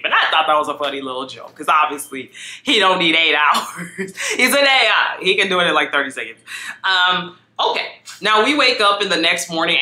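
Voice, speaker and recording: Woman, casual recap vlogger, animated, swooping pitch, slightly low voice, roomy echo. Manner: chatty, animated, quoting people in exaggerated voices. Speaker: vlogger recapping a reality show.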